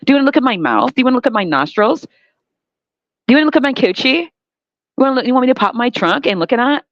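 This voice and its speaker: A woman's voice: high-pitched, animated, rapid-fire, no room sound, pitched above the performer's own voice. A woman putting on the voice of a prim, overly accommodating woman, with a mocking, breathless politeness. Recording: dull, dry lo-fi recording.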